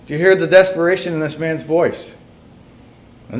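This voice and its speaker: A man preaching a sermon, dropping to quiet asides and then climbing to loud, high, emphatic passages as he reads quotations aloud. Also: moderate pace. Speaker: pastor.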